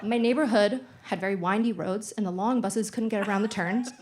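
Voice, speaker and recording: A young woman in her twenties doing a stand-up comedy set on a theater stage, telling stories in a deadpan, self-deprecating way. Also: mid-range voice, fairly quick, background noise.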